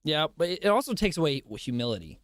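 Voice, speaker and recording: Lively, joking podcast co-host. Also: male voice, on the high side, fast talker. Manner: joking and laughing, slips into put-on voices. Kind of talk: casual podcast chat.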